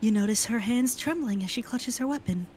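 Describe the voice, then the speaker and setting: Brief: a high-pitched woman narrating game text, halting over names, faint noise behind. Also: darkish tone, poor audio. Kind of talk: reading game text aloud.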